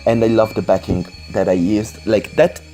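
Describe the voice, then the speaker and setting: A man's voice: lowish voice, fairly even intonation, moderate pace, mellow, soft background music. A man with English as a second language doing casual voice-over commentary at home, rambling with many fillers and apologies. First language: not English. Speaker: Sims speedbuild commentator. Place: indoors at home, computer on lap.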